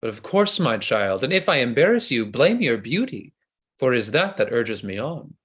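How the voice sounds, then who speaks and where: A man reading the part of a flattering, insincere noble seducer who makes flowery, ardent declarations, in a play reading over a video call. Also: medium pitch, moderate pace, husky.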